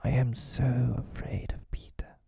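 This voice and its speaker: A man voicing a timid, solemn young boy in a whispered role-play storybook reading, husky and hushed. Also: mid-range voice, slow pace, dry recording, clean studio sound, voice pushed up, heavily acted. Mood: guilty.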